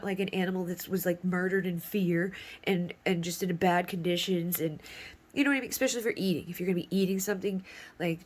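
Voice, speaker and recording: A woman giving a casual tarot reading in a rambling, playful way, swearing freely. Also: medium pitch. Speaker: tarot reader.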